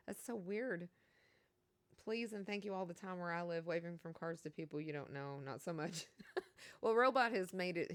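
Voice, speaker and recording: A woman's voice: fairly low pitch, dry recording. A woman from Kentucky with a Kentucky accent, chatting casually on a stream and reading out chat, rambling and laughing as she talks.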